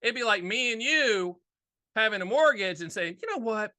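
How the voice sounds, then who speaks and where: A middle-aged man explains annuities in a casual, folksy, straight-talk style. His voice is high for a man, bright and punchy. He hammers points home by repeating phrases. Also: animated, normal speed. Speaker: annuity agent and show host.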